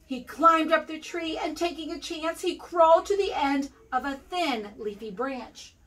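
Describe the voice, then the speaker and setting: An American woman reads a rhyming picture book to young children in a sing-song storytelling manner. Her voice is high and bright, and her pace is slow. The mic is slightly distant. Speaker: guest reader for kindergarten.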